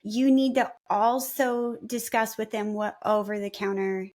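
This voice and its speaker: A woman co-hosting a podcast speaks slowly, with plenty of pauses and fillers. Her voice is somewhat high. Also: level tone, darkish tone. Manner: hesitant, many fillers. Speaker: podcast co-host and parent. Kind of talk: podcast conversation.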